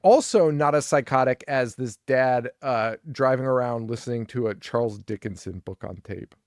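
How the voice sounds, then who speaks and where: A young man co-hosts a horror movie podcast, chatting casually as he recaps scenes, swears, and acts out the characters' lines. His mid-range voice is a little mellow and moves at a normal speed. The recording is dry and studio quality.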